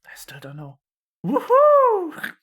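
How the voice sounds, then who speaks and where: A man's voice: mid-range voice, a little fast. A man streaming a game, making wry, chatty asides between reading the dialogue. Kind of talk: casual game commentary.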